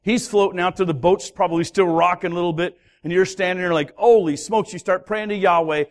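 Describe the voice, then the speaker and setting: A pastor preaching a sermon, telling a story with lively, acted-out voices of its characters. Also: male voice, high-pitched, fast. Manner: animated storytelling, acting out voices of the sailors. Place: church hall.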